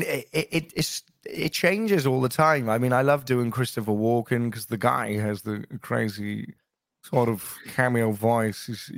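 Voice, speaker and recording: A male voice actor and impressionist, talking in a lively, self-interrupting way during a casual interview. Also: medium pitch, dry recording.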